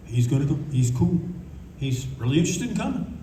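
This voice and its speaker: Older male panelist, rambling raconteur, warm low-key tone, faint room hum behind. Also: expressive, brisk, far from the mic. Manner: rambling, candid, swears freely. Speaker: convention panelist. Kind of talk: casual anecdotal storytelling. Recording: echoey room recording from afar.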